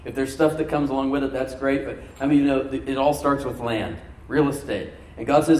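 A man preaching a sermon as pastor, stressing words by slowing down and rising in emphasis. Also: mid-range voice, a little mellow, distant mic. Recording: echoey room, from off mic.

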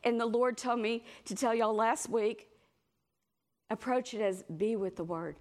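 A middle-aged woman preaching a sermon, telling stories in a lively way and acting out the voices of the people she quotes. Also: on the high side, unhurried. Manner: animated storytelling, acts out quoted voices.

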